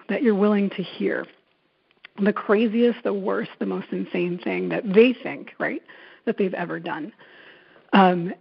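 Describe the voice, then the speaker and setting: A woman's voice: medium pitch, gravelly, husky. A woman who facilitates prison workshops, speaking earnestly with many fillers and restarts as she tells personal stories. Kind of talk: reflective talk with personal stories. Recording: dull lo-fi recording.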